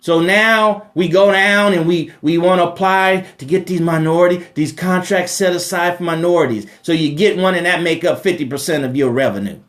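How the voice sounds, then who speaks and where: A man with a voice that sits high and a fairly bright tone talks at normal speed with few pauses. Hosting a live Q&A about money, he preaches emphatically, repeats phrases, and tags lines with rhetorical "right?" asides.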